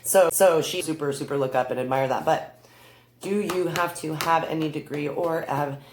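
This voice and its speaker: A tarot reader talks straight to camera in a loose, rambling, effusive way, drifting off topic. The voice sits at a middle pitch. It is recorded in a roomy, echoey space with faint background noise. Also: normal speed. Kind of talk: casual chat to camera. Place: room in their new home.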